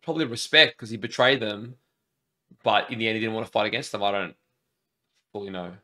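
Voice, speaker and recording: A man co-hosting a movie reaction, chatting casually and breaking into excited exclamations. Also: lowish voice, a little fast.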